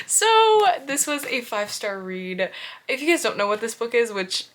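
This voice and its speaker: A woman's voice: fairly high pitch, very animated, a little slow, fairly bright tone, slight background noise. A young woman vlogger gushing about her favorite books in casual chat, often repeating phrases for emphasis. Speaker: book vlogger. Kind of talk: casual book review chat.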